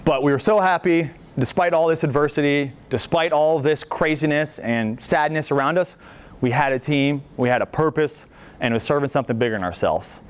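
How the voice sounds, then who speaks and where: A man's voice: on the high side, brisk, clean tone. A man in his thirties, a veteran speaker telling a casual, joking story to an audience and acting out the quotes. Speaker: veteran speaker at a library talk. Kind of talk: storytelling presentation.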